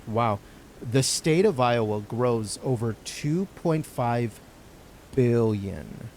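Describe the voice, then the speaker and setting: A man's voice: mid-range voice, a little mellow, slight background noise. A man from Texas chatting casually on a gaming livestream, rambling between topics and reading chat messages aloud. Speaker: streamer.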